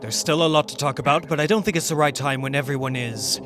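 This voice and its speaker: A man voicing a cold, calculating young male student in a fan dub, speaking in a measured, lecturing way. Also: on the high side, background noise, close to an everyday voice.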